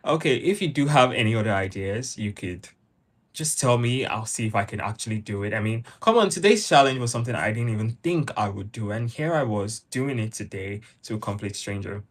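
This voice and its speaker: A man's voice: fairly low pitch, expressive, fairly quick. A young man with a Nigerian accent, chatting casually with viewers on his channel. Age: young adult. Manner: chatty, answers viewers' comments. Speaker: YouTuber. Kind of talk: casual livestream chat.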